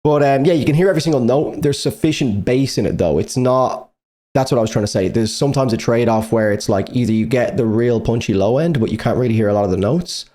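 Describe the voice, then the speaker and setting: A man's voice: mid-range voice, fast talker, mellow. A man hosting a music reaction, talking casually and candidly about an album, rambling and swearing now and then, his speech a little slurred. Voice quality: slightly slurred speech from a retainer. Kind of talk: casual album review talk.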